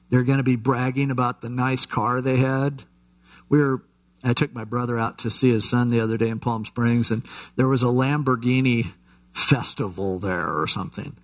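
Chatty preacher man, easygoing Bible teaching. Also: medium pitch. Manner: relaxed and chatty, with asides and frequent restarts. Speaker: pastor. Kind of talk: conversational Bible teaching sermon.

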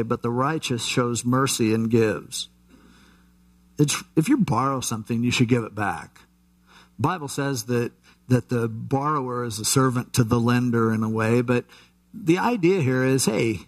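A male pastor gives a Bible-teaching sermon in an unhurried, conversational way. His voice sits at an ordinary middle pitch. He talks in loose, chatty asides and often restarts his sentences.

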